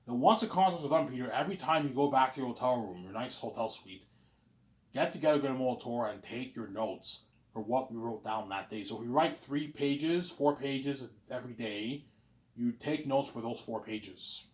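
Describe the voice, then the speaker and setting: A man hosts a casual, meandering monologue about planning a film that exists only in his head. He keeps saying "obviously" and pleads with emphasis, speaking at a normal speed in a medium-pitched voice.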